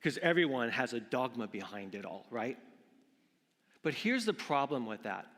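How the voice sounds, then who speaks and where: A man's voice: medium pitch, big pitch swings, normal speed, a bit bright. A man preaching a sermon as pastor, earnest, often repeating words and calling his listeners friends. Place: church sanctuary. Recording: long reverb of a large hall.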